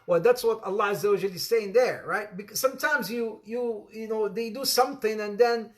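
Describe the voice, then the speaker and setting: A man's voice: high-pitched, fairly quick. A man giving an interactive religious lesson, repeating phrases for emphasis, calling on students by name and joking with playful asides. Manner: laughs often, playful asides. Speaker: Islamic teacher.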